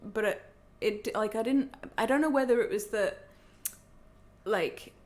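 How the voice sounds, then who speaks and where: A woman telling a story in casual podcast chat, animated and sweary. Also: on the high side, unhurried. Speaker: podcast guest.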